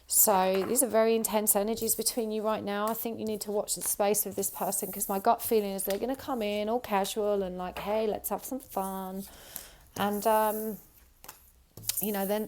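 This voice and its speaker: A woman with a sore throat and an odd high-pitched twang, giving a pick-a-card tarot reading and often saying what she feels. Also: darkish tone, a little hiss or hum. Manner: intuitive, repeats "I feel like". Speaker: tarot reader.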